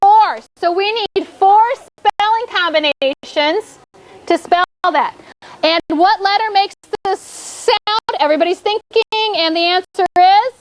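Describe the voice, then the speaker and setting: A woman's voice: extremely high pitch, measured pace, slight background noise, low-quality recording. A woman teaching a classroom, coaxing pupils through call-and-response prompts. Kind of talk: classroom instruction.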